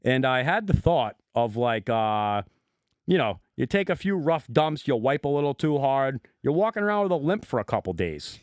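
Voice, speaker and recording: A man's voice: mid-range voice, big pitch swings, moderate pace, clean tone, no echo, studio quality. A man co-hosting a podcast, rambling loosely with lots of fillers and cynical jokes. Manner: rambling, filler-heavy, bleakly joking. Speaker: podcast co-host. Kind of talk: casual chat.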